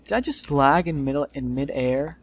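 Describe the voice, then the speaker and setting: A young man giving casual let's play commentary, swearing and yelling in frustration as he plays. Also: mid-range voice, expressive, moderate pace.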